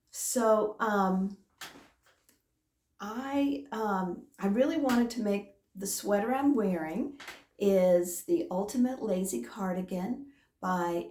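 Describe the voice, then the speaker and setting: A woman hosting a knitting vlog, talking casually and hesitantly with many pauses and fillers. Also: on the low side, echoey room. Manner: hesitant, many "um"s, warm and chatty. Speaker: knitting podcast host. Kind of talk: casual chat to camera.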